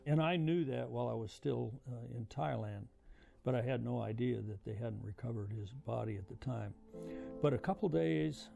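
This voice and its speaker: Gravelly older man telling memories. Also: medium pitch. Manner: halting, reflective, frequent uh fillers. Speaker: veteran recounting memories. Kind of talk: oral history storytelling. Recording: music playing under voice. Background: music.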